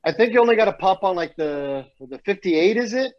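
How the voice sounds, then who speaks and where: Co-host, high voice, chatty, muffled call audio. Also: male voice, animated, a little fast. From San Diego. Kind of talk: casual interview.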